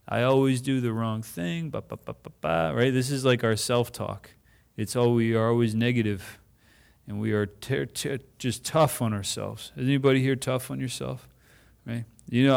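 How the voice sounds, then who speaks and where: A man's voice: mid-range voice, gravelly. A man preaching a sermon in a conversational way, asking the congregation questions and voicing imagined speakers.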